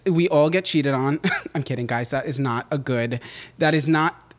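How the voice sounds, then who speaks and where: A man co-hosting a podcast in casual chat, rambling through stories with sudden jumps in pitch and loudness. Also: normal speed. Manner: rambling, chatty storytelling. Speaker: podcast co-host.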